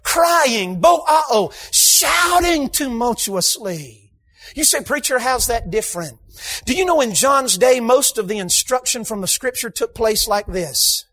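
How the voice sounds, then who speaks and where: A man preaching a sermon in a church, emphatic, bursting into shouts for emphasis and slipping in humorous asides. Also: extremely high pitch, lively intonation, moderate pace. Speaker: guest preacher. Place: church sanctuary.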